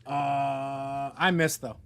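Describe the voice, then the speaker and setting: A man's voice: mid-range voice, flat delivery, extremely slow, smooth. A man playing a tabletop game, giving brief plain answers. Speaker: player.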